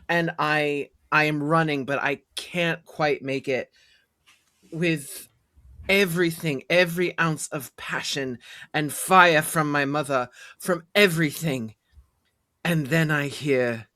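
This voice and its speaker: A man's voice: fairly high pitch, slow, pushed and bright, dry recording, studio quality. A man playing a tabletop game, narrating his character's actions with intense passion. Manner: impassioned, intense. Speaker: player.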